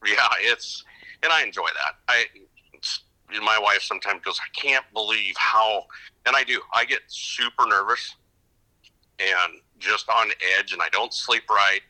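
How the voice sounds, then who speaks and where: A middle-aged man talking casually as a fishing guide on an interview show. He rambles through his stories with lots of false starts and restarts. His voice sits on the low side but has a sharp, very bright edge to it. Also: a little slow, rough recording. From upper Midwest of the United States. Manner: rambling storyteller with many restarts. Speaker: fishing guide and podcast guest.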